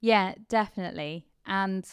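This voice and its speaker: A woman's voice: mid-range voice, moderate pace, clean tone, no echo, clean studio sound. A woman vicar with a mixed English accent, with traces of Kent and Yorkshire, chatting as a podcast guest and laughing often. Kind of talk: casual interview chat.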